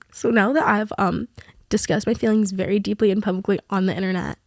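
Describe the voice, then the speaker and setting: A woman's voice: medium pitch, steady tone, moderate pace, creaky, dry recording, clean studio sound. A young adult woman talking candidly in a confessional vlog, rambling with many fillers. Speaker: vlogger.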